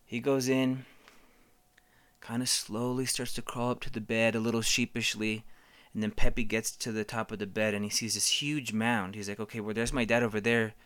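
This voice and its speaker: A comedian telling a rambling, profane improvised story in a deadpan way. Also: mid-range voice, moderate pace, clean tone, no echo.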